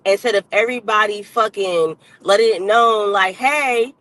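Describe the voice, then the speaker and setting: A woman's voice: mid-range voice, fairly even intonation, normal speed, fairly bright tone, rough recording. Fired-up woman ranting bluntly on a livestream. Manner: blunt, heavy cursing, emphatic repetition. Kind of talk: unscripted livestream rant.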